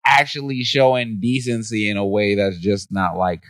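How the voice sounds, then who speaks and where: A man co-hosting a podcast, talking in casual chat, animated and profane, acting out scenes with big jumps in pitch and frequent laughs. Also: moderate pace, no room sound. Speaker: podcast co-host. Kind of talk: casual movie-review chat.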